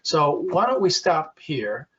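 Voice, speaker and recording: Guy presenting to caregivers over a muffled lo-fi webinar mic, kinda husky, lotta uhs. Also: a little high, very animated, takes it slowly, a bit bright. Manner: conversational, with frequent fillers.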